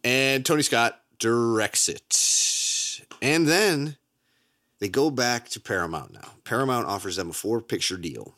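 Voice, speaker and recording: An animated man chatting casually about films on a podcast. His pitch rises and falls a lot as he tells stories, and he laughs easily between points. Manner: animated, laughs often, quick asides. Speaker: podcast co-host. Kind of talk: casual movie chat.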